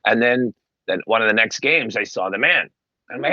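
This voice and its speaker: A man, a guest on an interview show, telling stories with lively, emphatic delivery and acted-out quotes. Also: moderate pace, dry recording, muffled recording. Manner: animated storyteller, acts out quotes with big pitch jumps. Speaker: guest, paid sports superfan. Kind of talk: casual interview talk.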